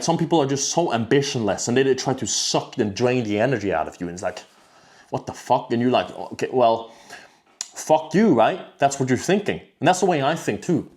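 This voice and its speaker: A self-improvement vlogger with a medium-pitched, slightly mellow voice rambles to camera about discipline, blunt and profane, with frequent restarts and filler words.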